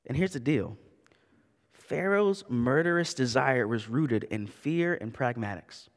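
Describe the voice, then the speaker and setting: A man's voice: a little high, fairly bright tone, long reverb tail. A man in his thirties preaching a sermon as a pastor, in a conversational way with asides and repeated words. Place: church sanctuary.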